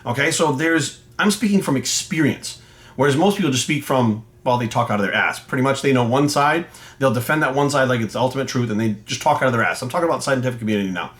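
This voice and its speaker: A middle-aged man, a fitness coach, telling a story to camera in a blunt, profane, animated rant. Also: medium pitch, fast talker. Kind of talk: ranting monologue to camera.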